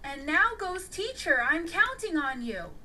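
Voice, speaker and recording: A woman voicing a wise, encouraging male master in a storybook reading, formal and measured. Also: very high-pitched, sing-song, bright, forceful tone, slight background noise, voice pushed up, heavily acted.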